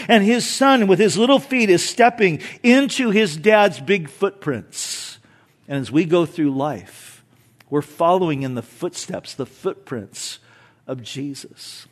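A male pastor preaching a sermon in a conversational, animated way, with rhetorical questions and light humor, swinging between loud emphasis and soft low asides.

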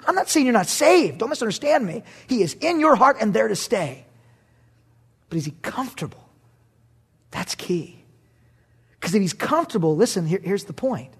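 A husky-voiced, middle-aged pastor from Southern California delivers a sermon in a high register. His tone stays conversational and full of jokes, with acted-out quotes dropped in between points.

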